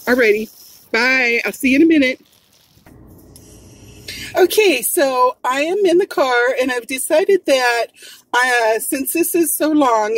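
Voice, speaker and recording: Slow-talking woman, giggly vlogger. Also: on the high side, no echo, low-quality recording. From Hawaii. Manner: chatty, giggly, rambling. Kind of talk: casual mukbang vlog. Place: home, then in a car.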